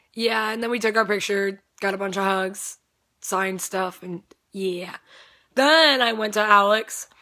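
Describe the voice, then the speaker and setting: A woman's voice: on the high side, sharp tone. A young woman with a strained voice, casually telling a rambling story, swearing freely and laughing often. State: voice strained, not at full strength.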